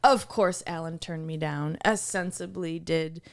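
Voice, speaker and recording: A woman's voice: low-pitched, measured pace, slight background noise. A woman co-hosting a podcast, telling rambling stories in casual chat with lots of laughter. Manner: animated, laughing, rambling storyteller. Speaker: podcast co-host.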